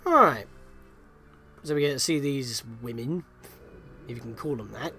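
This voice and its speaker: A man's voice: medium pitch, animated, moderate pace, pauses often, sharp tone, faint music behind. A man hosting a gaming channel, giving chatty, self-deprecating let's play commentary and reacting with surprise.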